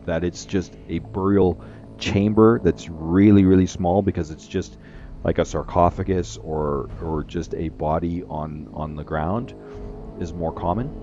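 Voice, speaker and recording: A man's voice: low-pitched, measured pace, warm tone, lo-fi sound, faint music behind. A man narrating as game master, rambling with many fillers.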